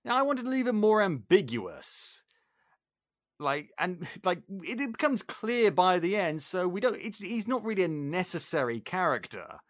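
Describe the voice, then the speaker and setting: A man's voice: sits high, very animated, moderate pace, no echo, studio quality. A man hosting a casual podcast, animatedly retelling a film plot and acting out its characters. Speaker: podcast host.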